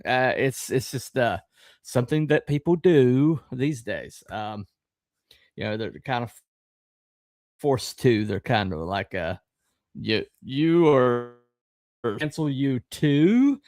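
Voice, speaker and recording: A man's voice: mid-range voice, dry recording. Middle-aged guy rambling on his stream, lots of uhs, dry close sound. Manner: rambling, halting, with frequent fillers and restarts; wry and sarcastic. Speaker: podcast host. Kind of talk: casual live-stream commentary.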